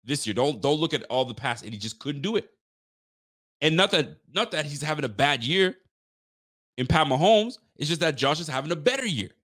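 A sports fan show host with a slightly high voice speaks a little fast on a casual live broadcast. Excitable and emphatic, he chats directly to his viewers and frequently restarts sentences.

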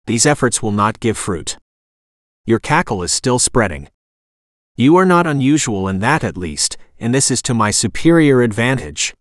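Audiobook villain: man voicing a soft-spoken, oddly worded, confident stranger, pitched lower and quieter than the narrator. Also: moderate pace, no room sound, studio quality, lightly acted. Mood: mocking. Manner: formal, oddly worded, calmly menacing. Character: confident eerie man with odd broken phrasing.

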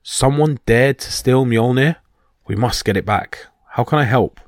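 A man's voice: mid-range voice, a little slow, dry recording, studio quality, close to an everyday voice. Freya, a man doing a proud goddess. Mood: alarmed. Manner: suspicious, then eager. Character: proud beautiful goddess, female adult.

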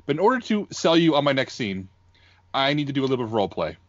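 A man hosting a podcast in casual chat, eager and quick when pitching his picks, on dull lo-fi audio. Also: big pitch swings, no room sound. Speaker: podcast host.

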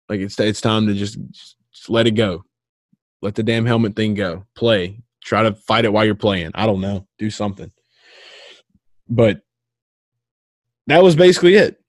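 A man's voice: fairly low pitch, no room sound, studio quality. A man co-hosting a casual sports podcast, rambling with lots of filler words. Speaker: podcast co-host.

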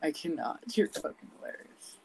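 A woman co-hosting a podcast, telling stories in casual chat, swearing a lot and swinging her pitch up and down. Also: moderate pace, heavy background noise. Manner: profane, animated storytelling with big swings in pitch. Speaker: podcast co-host.

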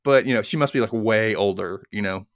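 Brisk and smooth, this lowish male voice belongs to a podcast co-host casually going through a TV episode scene by scene. He retells it with animation, briefly voicing lines from the characters. The recording is dry with clean studio sound.

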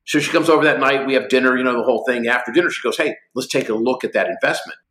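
A man in his sixties, a guest in an interview, telling lively anecdotes and acting out both sides of conversations. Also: medium pitch, rapid-fire, roomy sound, slight background noise. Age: 60s. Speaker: guest, company executive. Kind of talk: animated storytelling interview.

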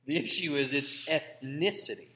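A man co-hosting a comedic banter show, teasing in a dry, deadpan way. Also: medium pitch, moderate pace. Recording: long hall reverb.

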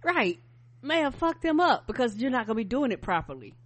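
A woman's voice: on the high side, sing-song, fairly quick. A woman co-hosting a podcast, reacting bluntly and expressively in casual chat. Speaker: podcast co-host.

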